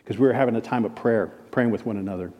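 A man preaching a storytelling sermon, slowing for emphatic repeated refrains and then dropping quick and hushed to tell a story. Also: fairly low pitch. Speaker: preacher and ministry director. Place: conference hall. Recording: long reverb of a large hall.

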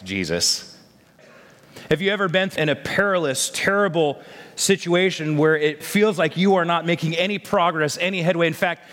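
A man preaching a sermon, telling the story in a lively way and acting out the voices of the people in it. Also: on the high side, long reverb tail. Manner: animated storytelling, acts out voices of disciples.

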